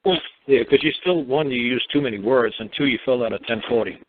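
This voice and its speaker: A man's voice: medium pitch, quick pace, slight background noise. A man hosting a radio talk show, bluntly advising a caller in a mocking, repetitive way. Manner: blunt, mocking, repeats words and restarts. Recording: dry, narrow phone-like radio audio.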